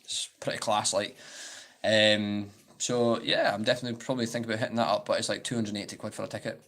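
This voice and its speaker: A man's voice: fairly low pitch, fairly even intonation, fast, fairly bright tone. A Scottish man in his twenties chatting casually on a live-stream Q&A, rambling and saying "like" a lot.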